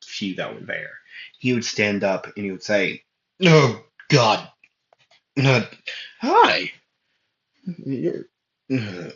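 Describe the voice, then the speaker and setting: A man narrates a made-up fan story at a slow, unhurried pace, full of fillers and restarts. His low voice has a bright, forward edge. The recording is muffled and lo-fi, with noticeable room echo. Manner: rambling, many fillers and self-corrections. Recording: muffled lo-fi audio in an echoey room.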